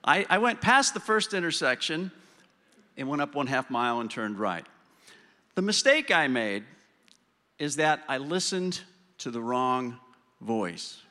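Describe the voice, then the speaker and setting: A man's voice: medium pitch, very animated. Man telling a sermon story in a reverberant hall. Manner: storytelling, self-deprecating, slows and softens for the lesson. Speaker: church speaker sharing a story. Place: church hall.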